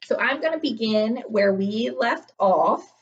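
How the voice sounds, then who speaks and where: A woman's voice: a little high, lively intonation, measured pace, lo-fi sound. A young woman teaching third graders in an upbeat, encouraging recorded online lesson. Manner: upbeat, encouraging, talks to children.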